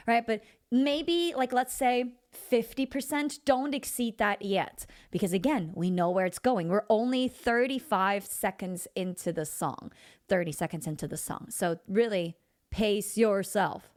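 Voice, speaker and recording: A woman vocal coach giving a casual singing lesson, chatty and expressive, thinking aloud as she teaches. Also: medium pitch, normal speed.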